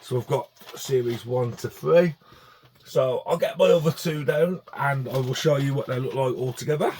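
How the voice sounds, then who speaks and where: A man's voice: mid-range voice, normal speed, darkish tone, slight background noise. A man chatting casually to camera about his DVD collection, enthusiastic and full of fillers and restarts.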